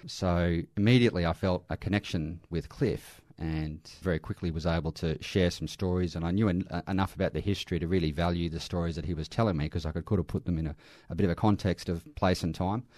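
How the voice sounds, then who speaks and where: Fast-talking deep-voiced Australian man. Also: darkish tone, no echo. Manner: earnest, anecdotal, with frequent restarts and light laughs. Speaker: army veteran working in veteran aged care. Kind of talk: conversational interview storytelling.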